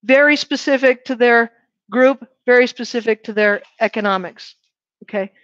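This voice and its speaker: Speaking at normal speed in a fairly high voice, a lively university lecturer keeps checking in with "right?" and putting questions to her class. The sound is dry and dull.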